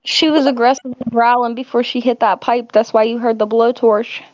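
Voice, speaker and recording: A woman's voice: on the high side, flat delivery, brisk, dry recording. A woman in a casual online voice chat, talking with sarcastic sass over her phone. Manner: sarcastic, sassy. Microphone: phone on a voice call. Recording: muffled phone voice-call audio.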